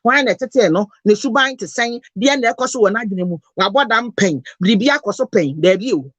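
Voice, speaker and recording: A woman's voice: on the high side, lively intonation, a little fast, no echo. A Ghanaian woman talking passionately, mixing Twi and English in an emotional, preachy lecture. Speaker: host.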